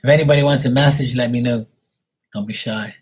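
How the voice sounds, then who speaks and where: A man's voice: mid-range voice, fairly even intonation, fairly quick, husky. A man chatting casually on a live tarot stream, rambling and exasperated, swearing freely. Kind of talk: casual livestream chat.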